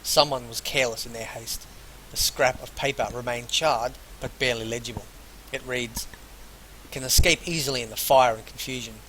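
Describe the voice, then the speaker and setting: A man's voice: medium pitch, steady tone, moderate pace, sharp tone, a little hiss or hum, low-quality recording. Man reading game text aloud. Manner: reads game text in full, then drops casual offhand asides. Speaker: let's player.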